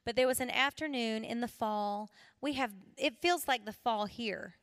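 Bright-voiced woman preaching. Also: on the high side, moderate pace. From South Carolina. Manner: emotional, swings from hushed to raised and cracking. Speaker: women's ministry speaker. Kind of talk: personal testimony sermon.

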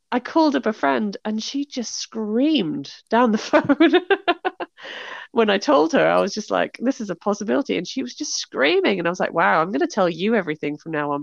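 A chatty British woman with a gravelly, slightly fried edge to her voice talks through a casual conversation, laughing often and acting out the reactions she quotes. The sound is dry and a little dull. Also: medium pitch, no echo. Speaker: author and podcast host. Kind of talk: casual chat.

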